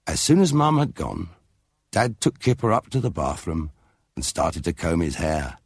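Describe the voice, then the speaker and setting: Low gravelly storybook narrator, man. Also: normal speed, dry recording, clean studio sound. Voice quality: expressive, lively read-aloud manner. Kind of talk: children's storybook read-aloud.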